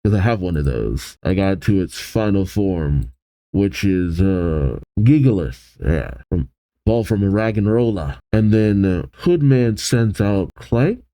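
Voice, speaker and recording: A man reading a comic aloud and reacting, thinking out loud and correcting himself as he goes. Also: deep voice, lively intonation, a little slow, dry recording, poor audio. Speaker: manga reaction host.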